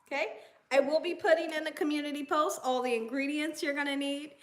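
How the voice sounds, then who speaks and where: A woman with a Southern American accent hosts a casual cooking livestream in a high-pitched, fairly even voice, speaking briskly. She's chatty, reading viewer comments aloud and cooing to her dogs.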